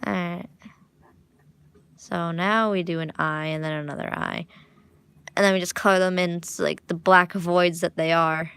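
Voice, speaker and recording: A woman's voice: on the low side, fairly even intonation, unhurried, gravelly, pauses often, a bit bright, smooth, no echo. A young woman chatting casually at home while drawing, rambling, restarting, and poking fun at herself. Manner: rambling, self-mocking, restarts often. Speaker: art vlogger. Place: living room at home.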